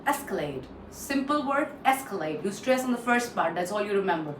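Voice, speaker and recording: A woman trainer walks through word pronunciations and repeats each one for drill. She pauses often with "uh". Her voice sits slightly off-mic in a roomy space with a faint hiss behind it. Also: mid-range voice, lively intonation, distant mic. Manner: frequent "uh" fillers. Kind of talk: online pronunciation lesson.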